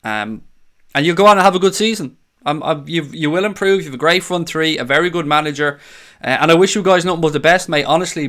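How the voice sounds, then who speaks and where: A man hosting a casual fan livestream from a green-screen home studio, reading chat aloud, excitable and swearing freely. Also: on the high side. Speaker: fan channel host reading live chat.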